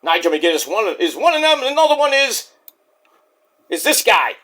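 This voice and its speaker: Man, high bright voice, very animated, casual profane wrestling review. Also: normal speed, pauses often. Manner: animated, profane, jokey, breaks into impressions. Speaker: wrestling reviewer, channel host.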